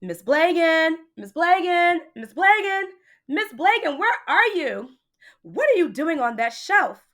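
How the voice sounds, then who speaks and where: A woman's voice: mid-range voice, animated, unhurried, hardly any pauses, pushed and bright. A woman voicing a worried, stubborn father in a storybook, calling out insistently. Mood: frantic calling.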